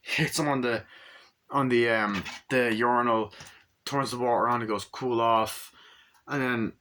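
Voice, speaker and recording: A man's voice: medium pitch, moderate pace, pushed and bright, slight background noise. A man giving a casual, rambling film review, swearing a lot and acting out scenes with sound effects.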